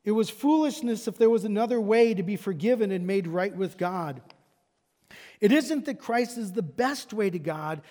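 A man's voice: high-pitched, lively intonation, normal speed, dark tone. A man preaching a sermon as pastor, emphatic and driving home his points with repeated rhetorical questions. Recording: long reverb of a large hall.

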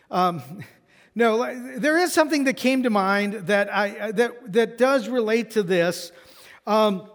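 A pastor delivering a sermon in a relaxed, conversational manner, with self-deprecating asides. His voice sits very high for a man. Each line trails into the long reverb of a large hall.

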